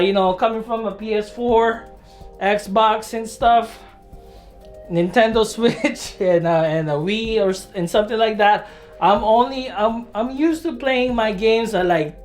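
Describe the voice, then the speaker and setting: An adult in their thirties talking casually to camera at home while building a computer, rambling and chatty, with self-deprecating asides, lots of filler words and the odd excited whoop. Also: medium pitch. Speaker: hobbyist vlogger. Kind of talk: casual vlog narration while working.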